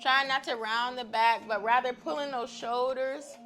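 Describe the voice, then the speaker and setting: A woman's voice: high-pitched, steady tone, normal speed, fairly bright tone, soft background music. A woman guiding a stretching class in an upbeat, chatty way, often laughing as she talks. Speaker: fitness instructor.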